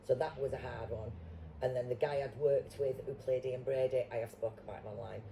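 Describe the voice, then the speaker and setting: A middle-aged Yorkshire woman chatting as a guest, blunt and salty-tongued. Her voice is very dark and mellow, and a faint hiss sits under the recording. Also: extremely low pitch, steady tone, a little fast, gravelly, poor audio. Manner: blunt, swearing, storytelling. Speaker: guest actor. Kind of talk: casual chat.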